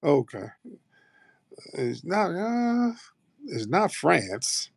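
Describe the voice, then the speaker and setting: A man's voice: on the high side, very animated, very slow, creaky, husky, no echo, studio quality. An American man hosting a live audio chat, brash and profane, bantering with callers. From United States. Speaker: host of a live audio space.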